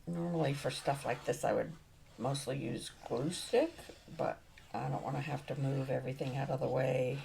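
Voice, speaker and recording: Low, gravelly woman crafting. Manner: wry, self-mocking muttering to herself; drops into soft asides while working. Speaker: crafting vlogger. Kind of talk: casual narration while crafting. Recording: noisy background.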